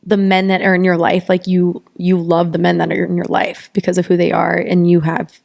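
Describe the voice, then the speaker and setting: Woman podcast co-host, gravelly creaky voice, emphatic casual chat with swearing. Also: on the low side. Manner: emphatic, swears, fast animated asides.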